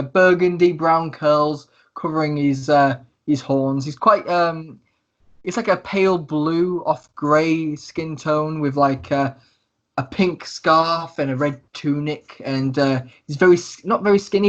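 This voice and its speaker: A man's voice: on the high side, unhurried. Male game master, descriptive narration, lots of ums, muffled lo-fi audio. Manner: descriptive, hesitant with many fillers.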